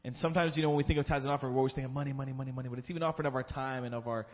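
A man's voice: mid-range voice, steady tone, racing. A man speaking in church at offering time, telling an earnest, emotional story and then leading a prayer. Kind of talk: sermon testimony and prayer. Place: church hall. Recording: dull sound in a reverberant hall.

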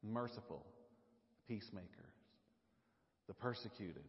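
A man's voice: on the low side, animated, measured pace. A man with a Southern drawl preaches in a loose, conversational way, stopping and restarting his thoughts. His voice carries a long echo through a church hall, and the live recording sounds a little muffled. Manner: casual, chatty, self-interrupting. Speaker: pastor. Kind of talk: sermon. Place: church sanctuary.

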